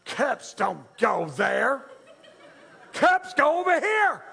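A bossy, nitpicking housewife with a twang, as a male preacher puts her on, her voice pitched way up and shrill. She scolds in an exaggerated, fussy tone and pushes each complaint loudly. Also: sing-song, drawn-out words, creaky, breathy edge, heavily acted. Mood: scolding. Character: fussy nitpicking wife, woman, bossy over chores.

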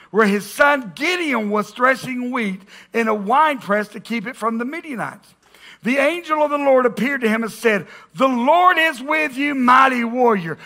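Male pastor, lively joking sermon delivery with shouted peaks, gravelly high voice. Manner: animated and joking, bursts into shouts.

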